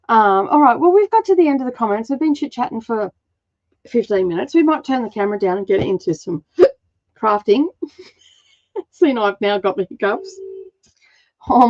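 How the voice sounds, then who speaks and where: A woman's voice: fairly high pitch, a little mellow, highs cut off. A middle-aged woman hosting a craft livestream. She chats casually and rambles, laughing often and using lots of fillers. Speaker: craft channel host.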